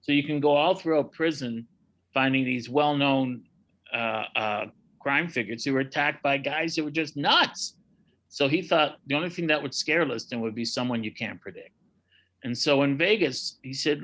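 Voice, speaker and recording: A boxing historian tells anecdotes in a casual chat, acting out quotes with lively energy. His voice is bright and forceful, at an ordinary male pitch. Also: moderate pace, low-quality recording. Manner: animated anecdotes with acted-out quotes.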